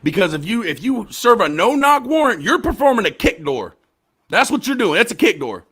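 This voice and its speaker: A man hosting a casual podcast discussion, talking with profanity and rising into passionate rants between quieter stretches. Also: sing-song, moderate pace, husky. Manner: profane, impassioned, swings from low mumbles to loud rants. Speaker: podcast host.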